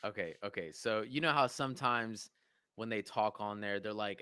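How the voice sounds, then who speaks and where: A young man from Honduras co-hosting a podcast, talking in a casual, animated way with lots of swearing and restarts. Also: medium pitch, moderate pace, clear, resonant tone, dry recording, studio quality. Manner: animated, swearing, repeats himself. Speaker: podcast co-host. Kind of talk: casual chat.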